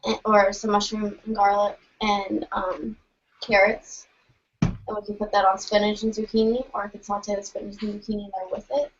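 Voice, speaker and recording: A woman speaking in a flat, practical way, heard off to the side of someone else's microphone. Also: medium pitch, normal speed, lo-fi sound, slight background noise.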